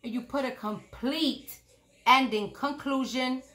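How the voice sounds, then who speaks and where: A woman's voice: high-pitched, takes it slowly, soft background music. A woman doing a casual tarot reading, blunt and profane, repeating her points. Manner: acts out quoted lines loudly. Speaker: tarot reader.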